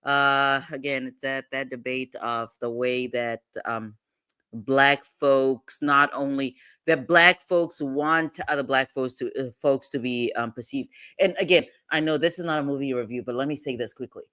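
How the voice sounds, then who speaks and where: A woman's voice: extremely low pitch, steady tone, normal speed, a bit bright, clean tone. A woman hosting a legal commentary livestream, rambling and digressive in casual talk, breaking into laughs often.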